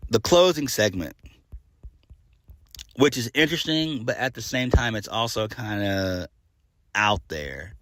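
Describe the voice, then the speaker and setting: A man's voice: fairly low pitch, animated, a little slow, pauses often, fairly bright tone, no echo. Exasperated man reviewing a wrestling show. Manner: blunt, exasperated, swears freely, frequent fillers. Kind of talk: casual solo review.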